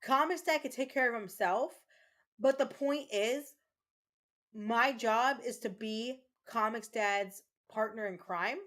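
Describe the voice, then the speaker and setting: Speaking slowly in a slightly high, somewhat bright voice, a mother who streams angrily rants to her chat while gaming, full of swearing and repetition.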